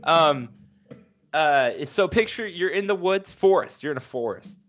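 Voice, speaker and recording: A man's voice: on the high side, animated, measured pace, fairly bright tone, muffled recording. A man co-hosting a podcast in casual chat, playfully setting up goofy hypothetical scenarios. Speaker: podcast co-host.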